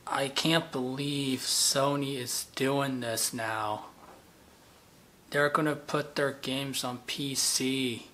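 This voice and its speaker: Deadpan man in a slow monotone rant. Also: medium pitch, slight background noise. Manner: deadpan, flat monotone despite claiming rage. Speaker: vlogger. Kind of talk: mock-angry rant to camera.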